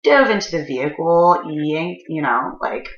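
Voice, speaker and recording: Woman storyteller, casual and foul-mouthed, rambling; low voice with a tense edge, slightly muffled roomy recording. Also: expressive, measured pace. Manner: profane, rambling, frequent fillers.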